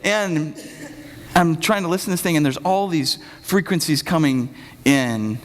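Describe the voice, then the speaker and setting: A young man giving a sermon as pastor, talking casually and joking, acting out quotes in lively voices. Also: a little high, unhurried. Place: church hall. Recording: long hall reverb.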